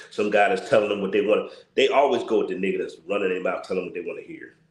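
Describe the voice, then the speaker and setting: A man's voice: sits low, fairly even intonation, fast, echoey room. A tired man hosting a casual livestream, talking in a blunt, repetitive, slangy rant. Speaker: channel host.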